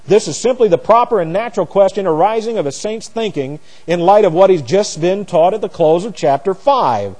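A man teaching a sermon verse by verse, booming on key phrases and dropping low for asides and stories. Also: lively intonation, fairly quick, hardly any pauses. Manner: swings from loud emphatic preaching to quiet asides; explains Greek words, tells anecdotes. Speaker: preacher. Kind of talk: expository Bible teaching. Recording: long hall reverb.

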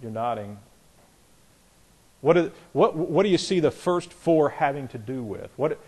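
A man's voice: on the high side, lively intonation, a little mellow, breathy edge. Man teaching a Bible class. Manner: deliberate, repeats words, asks the class questions; reads scripture aloud with stress on key words.

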